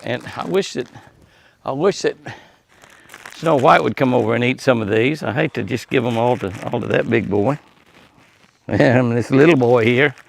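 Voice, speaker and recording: A man's voice: mid-range voice, moderate pace, creaky, slight background noise. An older man chatting outdoors by an animal pen at dusk, folksy and chuckling as he talks to the deer. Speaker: ranch vlogger. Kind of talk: casual outdoor vlog narration.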